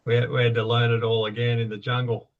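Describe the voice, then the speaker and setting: A man's voice: mid-range voice, completely flat delivery, fast talker, narrow, tinny audio. A middle-aged Australian man in casual conversation as a podcast guest, explaining and recounting old trips in vivid detail.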